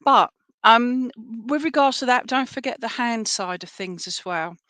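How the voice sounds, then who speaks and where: A woman, working as a spiritualist medium and relaying messages to people at an online service in a gentle, reassuring way, often checking in with "all right?". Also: on the high side, expressive, a little slow, no echo. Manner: gentle, reassuring, full of fillers and "all right?" tag questions. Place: at home for an online church service.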